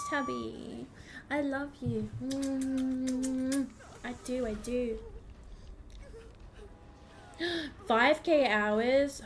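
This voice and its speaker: A woman streaming a game, chatting casually and bubbly with her viewers. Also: high-pitched. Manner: bubbly, thanks viewers, gasps and squeals. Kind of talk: casual livestream chat while gaming.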